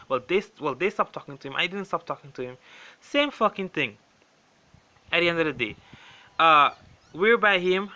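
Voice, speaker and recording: A man's voice: a little high, pushed and bright. A young man telling a story casually, blunt and exasperated, swearing constantly. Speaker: storytime vlogger.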